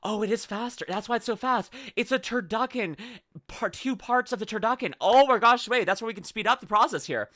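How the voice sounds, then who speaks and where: Streamer reacting live, rambling and joking, bright voice, very dry sound. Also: medium pitch, dry recording. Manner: goofy, rambling, quick to laugh and riff. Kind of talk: casual live reaction chat.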